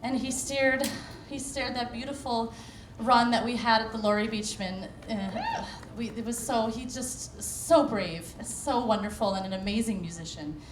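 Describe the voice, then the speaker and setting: Female cabaret singer, high-ish voice, effusive award speech, echoey hall recording with noise. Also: lively intonation, a little slow. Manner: effusive, grateful, emotional, long list of thanks. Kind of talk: acceptance speech. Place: on stage at an award show.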